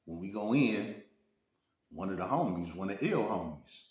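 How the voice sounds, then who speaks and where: A man with a Detroit accent telling a street story in a relaxed, casual way, often asking "you know what I'm saying". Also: sits low, normal speed. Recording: roomy echo.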